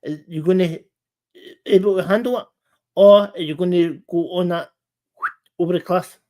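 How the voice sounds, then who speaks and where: The host of a casual livestream chat has a high-pitched, steady, mellow voice. He talks earnestly but in broken bursts, restarting often and repeating words.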